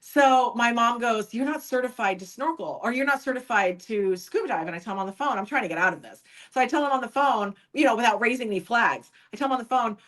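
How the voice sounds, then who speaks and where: A woman's voice: fairly high pitch, fairly bright tone, rough recording. Candid woman telling her story. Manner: candid, acts out other people's lines when quoting. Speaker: podcast guest. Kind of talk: personal storytelling in an interview.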